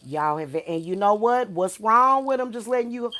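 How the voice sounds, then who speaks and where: A woman, hosting her spiritual channel. She rants to viewers bluntly and profanely, swinging from soft talk to loud outbursts. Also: a little high, expressive, moderate pace. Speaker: spiritual reader, channel host. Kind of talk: heated monologue to viewers.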